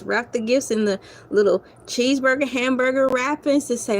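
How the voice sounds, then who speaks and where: A woman, hosting a casual comic rant and joking, laughing and animated as she talks to viewers. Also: high-pitched, normal speed, hardly any pauses. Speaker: host.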